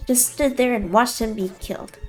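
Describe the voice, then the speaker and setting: A woman's voice: a little high, normal speed, soft background music, pitched above the performer's own voice, lightly acted. A woman voicing the cruel, contemptuous inner voice of a man who accuses him relentlessly. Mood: accusing.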